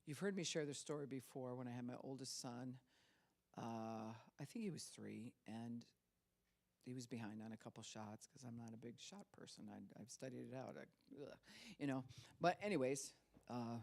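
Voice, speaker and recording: A woman's voice: extremely low pitch, moderate pace, creaky, darkish tone. A woman pastor in her sixties preaching a sermon, telling stories with frequent laughter and acting out the people she quotes. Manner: storytelling, laughs often, acts out quoted voices.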